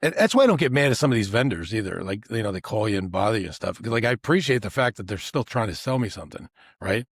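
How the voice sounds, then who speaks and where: A man's voice: on the low side, lively intonation, fast, husky, no echo, clean studio sound. A man co-hosting a podcast in casual chat, with a loose, "you know"-filled way of talking. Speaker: podcast co-host.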